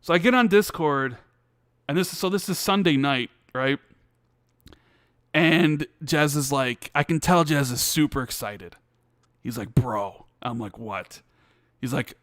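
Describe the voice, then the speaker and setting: A man co-hosting a casual gaming podcast, telling stories with lively acted-out dialogue and many restarts. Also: mid-range voice, unhurried, long pauses, dry recording, clean studio sound. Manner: animated storytelling, acts out quoted dialogue. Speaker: podcast co-host. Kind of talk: casual chat.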